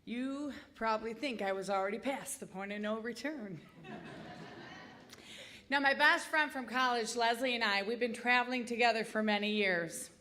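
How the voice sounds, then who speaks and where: High-voiced comic woman telling a story. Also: moderate pace, bright, forceful tone. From Michigan. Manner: comic, chatty, self-deprecating. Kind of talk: live storytelling. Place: stage at a live storytelling event.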